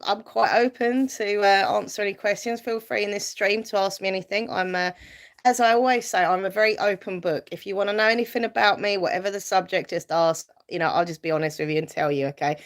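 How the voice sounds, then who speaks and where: A woman casually chatting on a live stream, reading viewer comments aloud and answering them, rambling with fillers and light laughs. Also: medium pitch. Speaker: YouTuber hosting a live stream.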